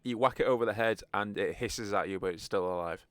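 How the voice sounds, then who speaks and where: A man's voice: on the low side, fairly quick, clean tone, no echo. A man narrating a tabletop game as game master, in a wry, joking manner.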